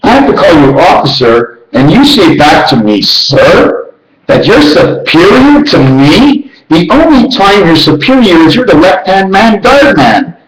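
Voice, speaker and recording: A man's voice: sing-song, normal speed, hardly any pauses, reverberant, rough recording. A man in a rambling monologue, chanting numbers and letters and jumping between ideas. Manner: rambling, rhythmic counting and chanting, sudden jumps in pitch.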